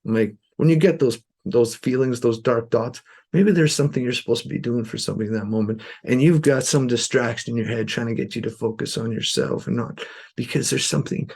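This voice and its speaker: Male podcast guest, gravelly, earnest storyteller who keeps it loose and conversational. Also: medium pitch, a little fast, a little mellow. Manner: loose and earnest, many "you know" fillers.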